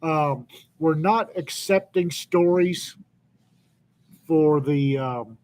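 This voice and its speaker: A man co-hosting a casual live chat, making announcements with lots of pauses and ums, and joking about himself. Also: on the high side, darkish tone. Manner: halting, many ums, self-deprecating. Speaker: co-host, anthology editor.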